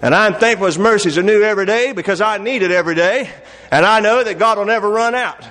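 Preacher, male, high voice, homespun delivery that asks the listeners a lot of questions, booming church-hall echo. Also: fast, a bit bright. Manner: folksy, conversational, many rhetorical questions. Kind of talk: sermon. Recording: long reverb of a large hall.

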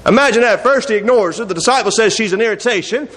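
A man's voice: high-pitched, fast talker, fairly bright tone. A man preaching a sermon in a folksy, conversational way, full of rhetorical questions. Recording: long reverb of a large hall.

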